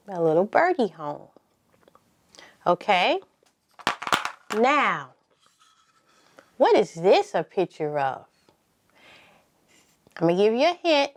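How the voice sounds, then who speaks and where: A woman leading a preschool circle time lesson, talking slowly and encouragingly and spelling words out letter by letter. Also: medium pitch. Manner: slow, sing-song and encouraging, spelling letter by letter. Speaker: preschool teacher.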